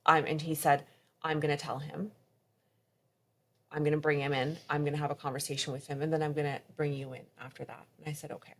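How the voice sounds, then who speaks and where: A woman guest on a podcast interview, telling her own story of trauma with emotion, her voice dropping soft and quiet at the hardest moments. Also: little pitch movement, fast talker. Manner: quotes others in her story, voice drops low and soft at hard moments.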